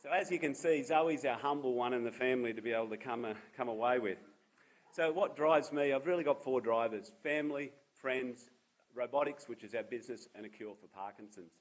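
Brisk and mid-range, the voice belongs to an Australian man in his fifties, captured on a rough recording. As a charity founder speaking at a seminar, he tells personal anecdotes and makes himself the butt of the jokes.

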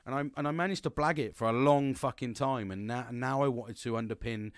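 A middle-aged podcast host with a mid-range voice speaks briskly on a clean studio recording with no room sound. He tells a personal story frankly and ramblingly, restarting often and swearing constantly.

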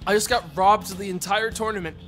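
High, bright-voiced ranting streamer man. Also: steady tone, fairly quick, faint music behind. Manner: profane, exasperated ranting, frequent shouting. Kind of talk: live gameplay commentary.

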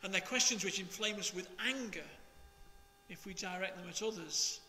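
A man, a priest, reading the Gospel and preaching in a slow, measured, expressive way. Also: sits high, big-room sound, slight background noise.

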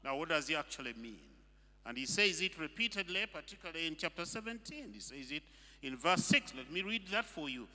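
A man's voice: a little high, lively intonation, a little fast, sharp tone. A male pastor preaching a sermon, emphatic and full of rhetorical questions. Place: church hall. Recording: long reverb of a hall.

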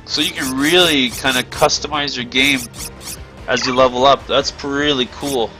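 A man's voice: mid-range voice, steady tone, normal speed, sharp tone, faint music behind. A tired man giving casual commentary while exploring a game, thinking aloud with many ums and hedges. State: yawning, tired. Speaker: gameplay video creator.

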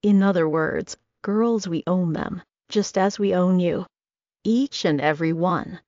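A woman's voice: fairly low pitch, unhurried, a little mellow, dry recording, lightly acted. A woman voicing a cold, domineering wealthy hostess, speaking in a commanding, condescending way. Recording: dry, slightly dull audio.

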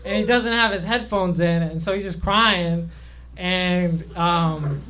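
A man's voice: high-pitched, slow pace, pushed and bright. A young man doing a rambling, self-deprecating stand-up set on a comedy club stage, with plenty of fillers and restarts.

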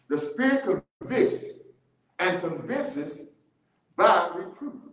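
Animated high-voiced man teaching in an echoey church. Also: extremely slow. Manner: animated, laughing often, repeating key words. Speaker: Bible study teacher. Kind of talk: church Bible study teaching. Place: church room.

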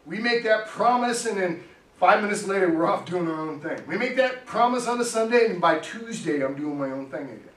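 A man's voice: high voice, lively intonation, brisk, a bit bright. A middle-aged man, a pastor, preaching a sermon in a chatty, storytelling way with frequent laughs, in a church sanctuary. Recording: echoey church hall, distant mic, faint noise.

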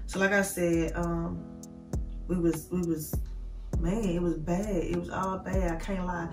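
A woman's voice: lowish voice, little pitch movement, moderate pace, soft background music. Woman, vlogger, emotional storytime, talks right to viewers, roomy echo, distant mic. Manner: candid, rambling, leans on "like"; talks straight to viewers as "y'all".

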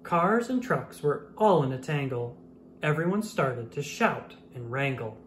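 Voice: mid-range voice, a little slow. Sing-song storybook reader, roomy echo. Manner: sing-song, expressive rhyming delivery. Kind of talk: children's read-aloud narration. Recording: roomy echo with faint room noise.

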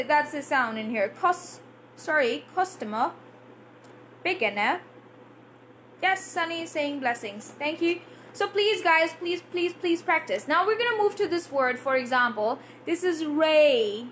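A woman teaching a live English pronunciation lesson, repeating words slowly and answering viewers' questions. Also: high-pitched, a bit bright, slight background noise. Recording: faint room ambience.

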